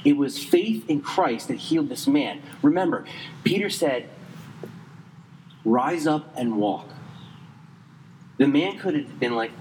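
A man's voice: medium pitch, animated, a little mellow, big-room sound, a little hiss or hum, low-quality recording. Man preaching with a strained voice. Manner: conversational preaching with asides, quick bursts and slow emphatic stretches. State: losing his voice. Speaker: pastor. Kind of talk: sermon.

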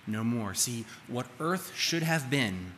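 A man's voice: mid-range voice, expressive, slow, a bit bright. A man preaching a sermon as a pastor, talking casually and putting questions to his congregation. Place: church sanctuary. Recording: live church hall reverb, faint room noise.

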